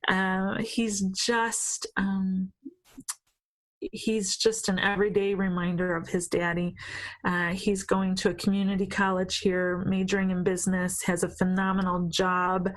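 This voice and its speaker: A woman in her forties speaks slowly and with care, in an earnest, encouraging way. Her pitch sits in the middle of the range, and she pauses to restart her phrases gently as she talks about her faith in an interview. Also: little pitch movement, rough recording. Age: 40s. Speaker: guest. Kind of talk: faith-based interview talk.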